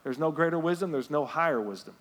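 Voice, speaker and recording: A pastor delivers a lively sermon in a fairly high male voice. He tells stories and climbs to loud, emphatic peaks. The sound carries the long reverb of a church sanctuary. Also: fast talker. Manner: animated, rising to loud emphatic peaks, storytelling asides.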